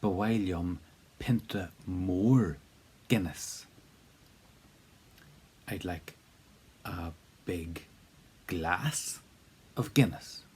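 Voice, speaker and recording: A man leads a spoken language lesson in a relaxed, encouraging tone, breaking things up with fillers and repeated prompts to say each phrase out loud. His voice sits very low and has a husky grain to it. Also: extremely slow, long pauses. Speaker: language teacher.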